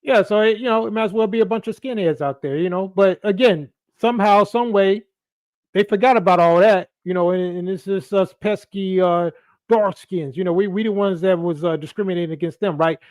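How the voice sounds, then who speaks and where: A man's voice: high-pitched, a little fast, darkish tone, no echo. Loose-talking man hosting a podcast. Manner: loose, talks back to viewers, leans on "you know". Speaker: podcast host. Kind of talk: casual commentary.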